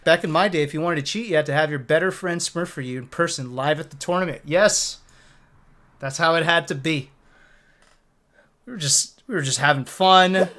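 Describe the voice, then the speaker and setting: A man's voice: fairly high pitch, normal speed. A man in his thirties, a streamer, telling a story casually on a live stream with lots of swearing and laughter. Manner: animated, profane, laughing storyteller.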